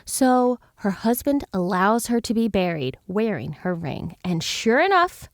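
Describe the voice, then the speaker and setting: A woman's voice: mid-range voice, very animated, unhurried, no room sound, studio quality. A woman co-hosting a history podcast, telling a spooky story with a playful, giggly manner. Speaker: podcast co-host.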